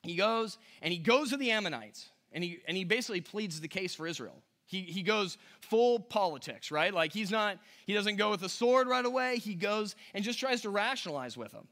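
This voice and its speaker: High-voiced man preaching casually. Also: expressive, a little fast, few pauses, fairly bright tone. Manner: casual, chatty asides with a few chuckles. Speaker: pastor. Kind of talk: conversational sermon with scripture reading.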